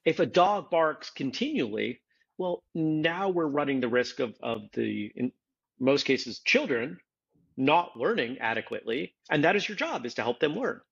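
A man's voice: mid-range voice, lively intonation, moderate pace, vocal fry, a bit bright, husky, lo-fi sound. A man hosting a casual podcast discussion, explaining his points earnestly and step by step. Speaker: podcast host, martial arts instructor.

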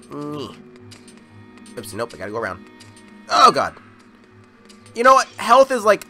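A young adult host giving jokey, animated commentary over a video game playthrough, often talking back to the game. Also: medium pitch. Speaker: let's play host.

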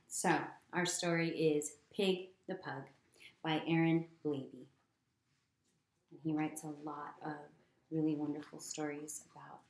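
A woman reading a picture book aloud to children in a gentle manner, often pausing to ask them questions. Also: sits low, reverberant, slight background noise. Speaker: storytime reader.

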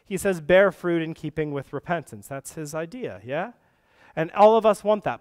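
A man's voice: on the high side, lively intonation, moderate pace, a little mellow. A male pastor preaching a sermon. He is earnest and breaks into conversational asides and restarts. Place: church sanctuary. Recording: long reverb of a church hall.

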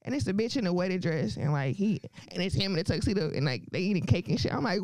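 A woman's voice: fairly low pitch, animated, fast, hardly any pauses, darkish tone, no room sound. A woman doing a crude, brash stand-up comedy set, laughing often between her lines.

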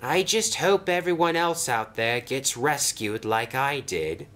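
A man's voice: expressive, measured pace, fairly bright tone. A man voicing a polite, fretful little male brake van in a toy train story. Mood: meek. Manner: anxious, very polite, high and breathy.

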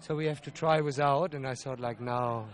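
A man rider interviewed outdoors after competing, speaking in short, halting sentences with simple phrasing. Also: medium pitch, steady tone, noisy background. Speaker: event rider.

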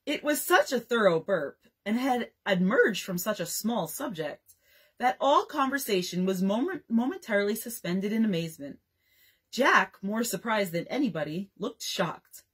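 A woman's voice: mid-range voice, moderate pace, slightly rough. A young woman librarian reading a bedtime story aloud, giving the dialogue its own voices. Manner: expressive, reads dialogue in varied voices.

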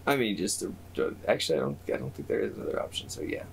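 A man running a tabletop game as game master, narrating in a relaxed, meandering way. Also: lowish voice, very fast, vocal fry, a little hiss or hum.

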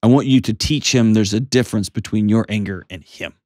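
A man with a fairly low voice hosts a call-in advice show. He coaches his caller in a direct, earnest manner. The studio sound is close and dry. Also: a little fast, a little mellow, no echo. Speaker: host giving advice.

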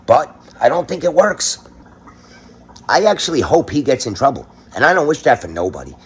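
A man's voice: medium pitch, big pitch swings, normal speed, slightly rough. A man with a New York accent hosting a crude, sarcastic comedic rant, swearing constantly. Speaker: commentary host.

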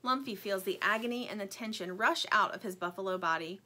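A woman reading a children's storybook aloud in a gentle storytelling manner. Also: mid-range voice, fairly quick. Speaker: storybook reader.

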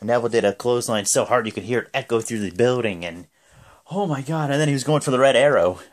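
A man's voice: medium pitch, racing. A man giving a casual, rambling spoken recap, full of fillers. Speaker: wrestling show recapper.

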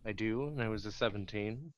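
A man's voice: fairly low pitch, fairly quick, heavy background noise. A man playing a tabletop game, speaking casually and offhand. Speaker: player.

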